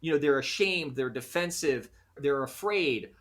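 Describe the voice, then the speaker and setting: Man, American accent, fairly high pitch, bright forceful tone, animated, interview guest. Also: a little slow. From United States. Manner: animated, acts out quoted voices and asides. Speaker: guest, conflict resolution practitioner. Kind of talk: conversational interview.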